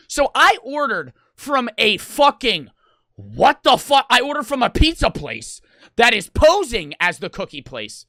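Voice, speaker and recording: A young man streamer telling an animated story, excitable, swearing a lot and talking in rapid, emphatic bursts. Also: very high-pitched, no room sound, studio quality. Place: gaming house room.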